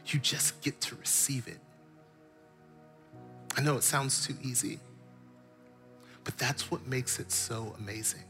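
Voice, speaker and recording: A man's voice: mid-range voice, a bit bright. A man preaching a sermon, telling stories with animation and building his points through repetition. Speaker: pastor.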